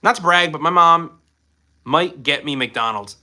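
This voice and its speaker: A man's voice: fairly high pitch, measured pace, pushed and bright. A young man hosting a casual live stream from his home, joking as he answers chat questions.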